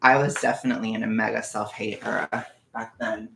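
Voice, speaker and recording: Young guy vlogging a rambly storytime, lots of "like", kinda gravelly, roomy echo. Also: on the low side, little pitch movement, a little fast, bright, forceful tone, far from the mic, a little hiss or hum. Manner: rambling, filler-heavy storytelling with frequent "like" and "blah, blah". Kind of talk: casual storytime chat.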